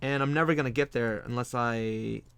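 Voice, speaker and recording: A man's voice: medium pitch, moderate pace, vocal fry, fairly bright tone, smooth, no echo. Rambling man chatting while drawing, dry sound. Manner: rambling, repeats phrases, frequent restarts. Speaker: streaming artist host. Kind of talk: casual livestream chat while drawing.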